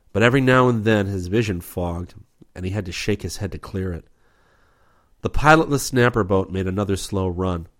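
A man narrating an adventure audiobook in a steady, measured reading. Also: low voice.

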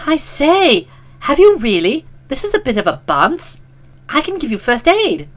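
Lady doing a squeaky eager scout kid in an audiobook, keeps pushing first aid, bouncy voice. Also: sing-song, measured pace. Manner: earnest, persistent, cheerfully pushy. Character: eager meddlesome small boy scout. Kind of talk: audiobook character voice.

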